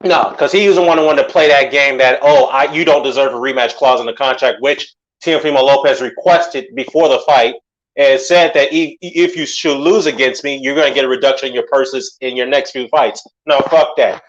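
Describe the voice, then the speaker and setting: A man's voice: medium pitch, moderate pace, muffled recording. A man appearing as a guest on a boxing podcast, who talks in a blunt, dismissive way and swears. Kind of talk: boxing opinion talk.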